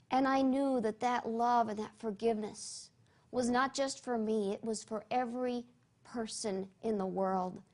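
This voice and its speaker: A woman guest sharing her personal testimony in an interview, earnest and dramatic, dropping to a hushed voice at tender moments. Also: a little high.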